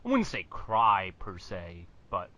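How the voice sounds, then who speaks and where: A man co-hosts a wrestling podcast, chatting casually and animatedly, laughing as he recounts moments. His voice sits low and moves at a slow pace, and the lo-fi audio sounds dull.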